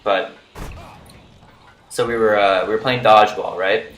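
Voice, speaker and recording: A man's voice: lowish voice, steady tone, measured pace, a bit bright. A young man casually telling a story from his school days, rambling with lots of "like" and "you know". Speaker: vlogger. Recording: roomy echo with faint noise.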